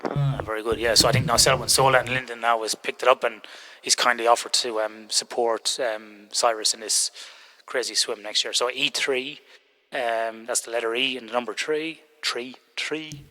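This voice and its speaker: A man's voice: mid-range voice, steady tone, normal speed, bright, forceful tone. A middle-aged man hosting a podcast interview, chatty and joking, teasing his guests as he talks. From Ireland. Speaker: podcast host. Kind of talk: casual interview chat.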